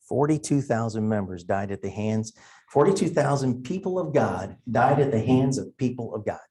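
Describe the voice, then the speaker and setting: A man's voice: medium pitch, lively intonation, moderate pace, dark tone, breathy edge. A middle-aged man from Wisconsin teaching a Sunday Bible class, talking in a folksy, conversational way and thinking aloud. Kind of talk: Sunday school Bible lesson.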